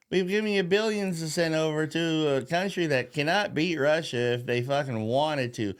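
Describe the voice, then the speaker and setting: A man's voice: a little high, normal speed, hardly any pauses, smooth. A man hosting a podcast in a casual political rant, profane and rambling, mocking, and laughing at his own jokes. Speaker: podcast host.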